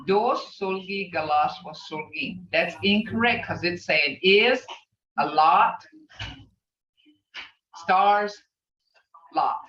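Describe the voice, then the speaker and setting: Older woman teacher, bright and slow, roomy lo-fi sound from off the mic. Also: mid-range voice. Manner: rambling, repeats "okay?" to check understanding. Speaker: language teacher. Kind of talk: informal online language class. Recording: echoey, distant, dull lo-fi audio.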